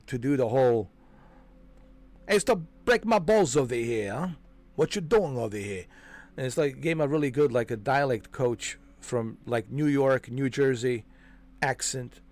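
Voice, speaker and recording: A man hosting a game walkthrough, chatting loosely and rambling, throwing in "man" and "dude" and correcting himself as he hunts for names. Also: medium pitch. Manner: frequent fillers and self-corrections while searching for names. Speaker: gaming channel host. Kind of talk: casual chat over a game walkthrough.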